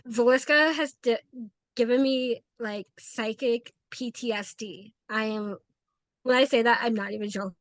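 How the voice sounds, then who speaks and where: In a casual interview, a female paranormal investigator tells stories animatedly, acting out the dialogue she quotes. Her voice is fairly high-pitched at normal speed, in a dry recording.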